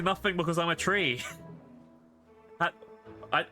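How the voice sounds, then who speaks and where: Bright-voiced man chatting while streaming a game. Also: a little high, slow, long pauses, faint music behind. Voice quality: rambling, chatty, laughs often. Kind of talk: casual livestream gaming commentary.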